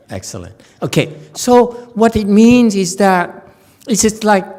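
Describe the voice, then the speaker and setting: A male Buddhist teacher delivers an informal Dharma talk in a meditation hall, blunt and scolding, with words repeated for emphasis. His voice is a little high and a little mellow.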